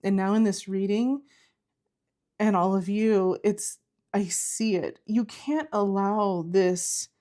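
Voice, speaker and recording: A woman's voice: mid-range voice, fairly even intonation, slow pace, dark tone. A woman giving an earnest, encouraging tarot reading to camera, repeating herself and saying "like" often. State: close to tears at times. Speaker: tarot reader.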